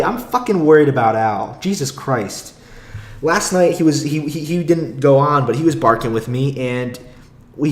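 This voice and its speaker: A young man who wants to be a comic rambles through a solo podcast monologue in a medium-pitched voice with a roomy sound. He swears a lot, keeps it casual, and laughs often.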